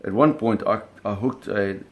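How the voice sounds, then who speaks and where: A man telling a personal story in an animated, vivid way, often restarting his phrases. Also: lowish voice, normal speed, highs cut off.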